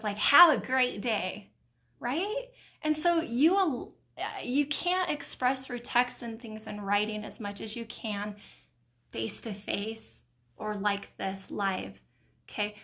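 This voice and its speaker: A woman's voice: fairly high pitch, fairly bright tone. Emotional, encouraging woman hosting a live stream. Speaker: host of a live mindset stream. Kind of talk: casual live-stream chat reading comments.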